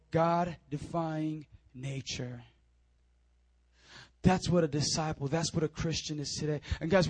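A male pastor with a high, bright-toned voice, preaching with animated energy. He swings from loud, urging calls to hushed, intimate asides, leaning on repeated rallying phrases. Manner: repeats calls like "come on now" and "I'm telling you". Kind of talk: sermon.

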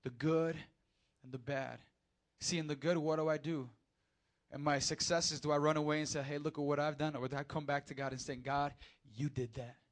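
A young man preaching a casual, lively sermon in church, talking directly to the crowd and swinging between quiet asides and loud peaks. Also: a little high, normal speed. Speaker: pastor.

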